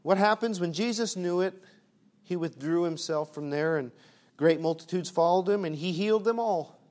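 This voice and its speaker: High-voiced preacher, hushed to loud. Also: male voice, moderate pace. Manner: emphatic, swings from hushed to loud; rhetorical questions. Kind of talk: sermon.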